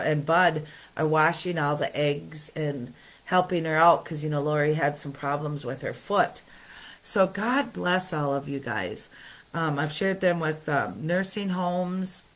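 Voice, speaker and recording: Chatty low-voiced woman, homey devotional host. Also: fairly bright tone. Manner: homey, chatty, many ums, blesses listeners. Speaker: host of a Christian devotional video. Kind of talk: casual devotional talk with read-aloud stories.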